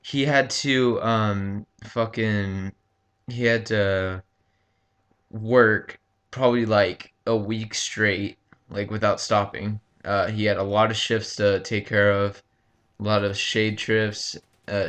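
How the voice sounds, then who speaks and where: A man casually telling a rambling story over gameplay, halting often with ums and likes and swearing freely. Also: on the low side, fairly even intonation, fairly bright tone, clean tone. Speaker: gaming commentator.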